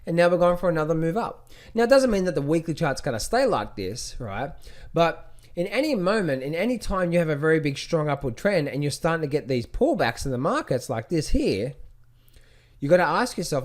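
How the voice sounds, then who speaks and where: A man's voice: fairly high pitch, expressive, brisk. Man teaching chart reading, fond of rhetorical questions. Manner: rhetorical questions, repeats phrases. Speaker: trading instructor. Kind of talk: screen-share chart tutorial.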